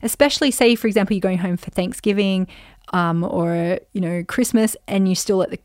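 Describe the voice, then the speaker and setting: A woman in her forties hosting a casual solo podcast, chatty and animated, acting out quoted voices with sudden jumps in pitch. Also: fairly quick, no echo, studio quality. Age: 40s. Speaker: podcast host.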